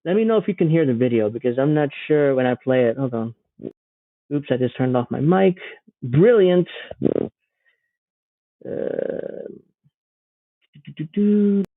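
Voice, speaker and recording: A man's voice: a little high, expressive, a little slow, pauses often, dry recording, narrow, tinny audio. A man hosting a livestream, giving sarcastic, rambling political commentary. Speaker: livestream host.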